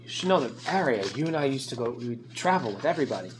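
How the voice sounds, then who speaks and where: A man voicing a gruff male orc leader who speaks in grave, clipped commands, with faint buzzing behind him. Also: mid-range voice, animated, fast talker, background noise, natural voice. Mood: stern.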